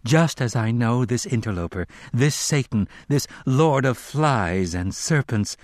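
A man voicing a fierce preacher woman who questions and exhorts a congregation in a slow, hammering cadence. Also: medium pitch, animated, a little mellow, no echo, clean studio sound, natural voice. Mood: commanding. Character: fierce commanding preacher woman, cold and gentle.

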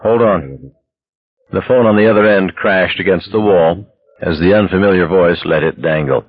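A man narrating a novel as an audiobook in a steady, measured way. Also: deep voice, husky. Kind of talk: scripted narration. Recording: dull lo-fi dry recording.

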